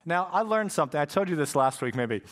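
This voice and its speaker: Male pastor, slightly high-pitched, casual sermon delivery with emphatic repetition. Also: animated, quick pace, fairly bright tone. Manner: conversational, repeats phrases for emphasis. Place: church sanctuary with congregation.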